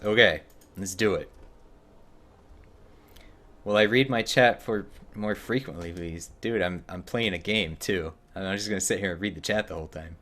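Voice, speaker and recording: A man's voice: deep voice, moderate pace, long pauses. A man casually commenting while playing a game on a live stream, chatting with viewers between actions. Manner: relaxed, chatty, answers viewer chat between gameplay.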